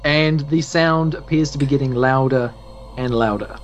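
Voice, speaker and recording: A man's voice: medium pitch, normal speed, lo-fi sound, a little hiss or hum. A man running a tabletop game as game master, narrating playfully and drawing out his sound effects.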